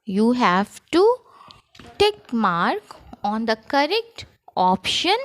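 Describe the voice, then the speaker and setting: Female school teacher with an Indian English accent, slightly high voice, slow and deliberate lesson delivery, dry close recording. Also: very animated, no echo. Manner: slow, sing-song classroom delivery. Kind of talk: recorded grammar lesson for children.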